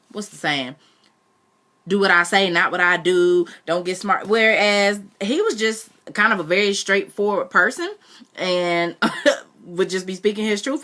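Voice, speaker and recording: A woman reading a book aloud, breaking off to reflect in a chatty way with fillers. Her voice sits low but sounds bright and forceful. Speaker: reader. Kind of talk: reading aloud with personal commentary.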